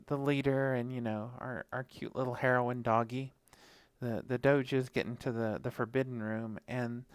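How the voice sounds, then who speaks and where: A man co-hosting a horror podcast chats casually while reviewing a horror comic, rambling with plenty of fillers and acting out characters' lines. His voice is smooth and medium-pitched, with no room sound.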